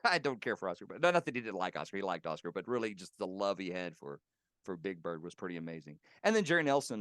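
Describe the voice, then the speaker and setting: With warmth and the occasional laugh, a male professional puppeteer shares anecdotes about his colleagues as a guest in a casual home interview. His voice is lowish, and the recording is dry and studio quality.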